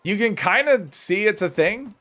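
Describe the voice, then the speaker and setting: A gaming livestreamer with a voice a bit higher than most men's chats away while he plays. He's animated, bright and forceful at a normal pace, rambling casually, answering viewer comments and making fun of himself.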